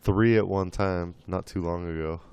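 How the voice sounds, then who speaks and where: A man's voice: low voice, steady tone, normal speed, darkish tone. A young man in a casual chat, telling laid-back stories and swearing a lot.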